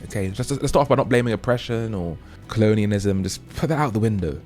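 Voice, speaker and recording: A man from the UK hosting his own show, delivering an emphatic, preachy monologue that keeps checking in with "okay?" and jumps higher and louder on key points. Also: quick pace, faint music behind. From United Kingdom. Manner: rising to loud high emphasis on key points. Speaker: host. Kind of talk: opinionated monologue.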